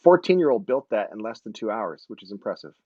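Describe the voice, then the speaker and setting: A man's voice: on the low side, sing-song, quick pace, a little mellow, slightly rough, dry recording, highs cut off. A man in his forties hosting a casual live-stream chat, rambling and joking, often correcting himself mid-sentence. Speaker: host.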